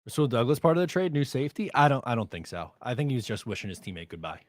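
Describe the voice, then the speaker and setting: A man hosting a live stream, chatting casually and bluntly, excitable and a bit out of breath. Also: medium pitch, very fast, no echo, clean studio sound. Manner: excitable, blunt, reacts to chat.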